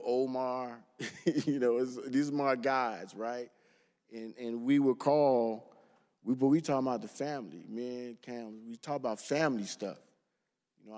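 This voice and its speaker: A retiring state representative giving a casual, heartfelt farewell speech and thanking colleagues by name in a legislative chamber. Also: male voice, mid-range voice, darkish tone. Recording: long reverb of a large legislative chamber.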